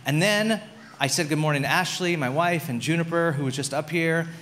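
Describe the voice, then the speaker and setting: A man in his thirties preaching a sermon as a pastor, telling a story in a relaxed, conversational way with lots of "like"s. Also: on the high side, a little fast, slight background noise.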